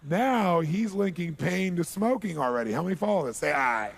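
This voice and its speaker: A man telling a story at a seminar in an animated way, acting out the dialogue and checking in with his audience. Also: a little high, normal speed, vocal fry. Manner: animated, acts out dialogue, asks the audience for agreement. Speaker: motivational speaker.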